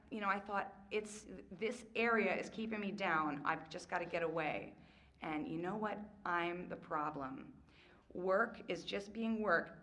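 A middle-aged woman speaking at a recovery workshop, candid and self-mocking, swinging between hushed confession and loud outbursts. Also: mid-range voice. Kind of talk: personal testimony talk.

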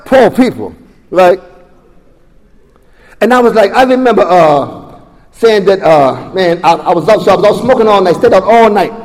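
A man's voice: sits high, expressive, normal speed, long pauses, long reverb tail. A man animatedly telling his recovery story at a meeting, acting out the voices of the people in it. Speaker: speaker sharing recovery story.

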